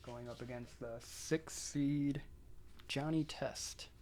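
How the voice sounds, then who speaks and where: A man's voice: medium pitch, fairly even intonation, takes it slowly, a little mellow. A young man co-hosting a podcast, talking in a laid-back, rambling way with lots of filler words and casual swearing. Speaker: podcast co-host. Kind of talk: casual chat.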